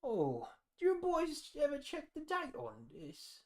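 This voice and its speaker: A man's voice: extremely high pitch, wildly swooping pitch, unhurried, darkish tone, pitched above the performer's own voice, heavily acted. A man voicing a frail, doddering old man with cloudy eyes during a tabletop game. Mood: fussy. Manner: rambling, fussy, kindly then suspicious. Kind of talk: game master voicing a character.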